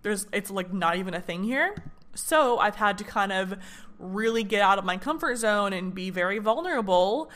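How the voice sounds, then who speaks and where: A woman's voice: mid-range voice, lively intonation, moderate pace, a bit bright. A young woman from Michigan hosting a podcast, chatting casually and bubbly, full of "like" and quoting herself playfully. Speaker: podcast host. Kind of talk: casual solo podcast talk.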